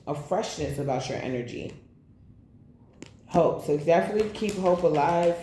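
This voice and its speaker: Low-pitched and dark-toned, this woman runs a casual tarot reading, announcing cards and speaking bluntly with plenty of swearing. Faint background noise sits under a roomy echo.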